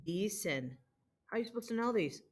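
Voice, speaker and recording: A woman's voice: mid-range voice, expressive, fairly quick. Woman, language teacher, patient, repeats forms aloud, homework walkthrough, computer mic. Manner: patient, drilling conjugations aloud. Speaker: Spanish teacher.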